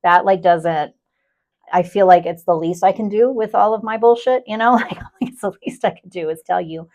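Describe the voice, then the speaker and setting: A woman's voice: mid-range voice, moderate pace, darkish tone. A woman co-hosting a podcast in casual chat, candid and profane, often laughing as she talks. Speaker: podcast co-host.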